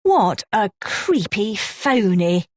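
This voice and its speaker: A woman's voice: medium pitch, very animated, slow pace, dry recording. A woman voicing a blunt, brash middle-aged private detective. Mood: brisk.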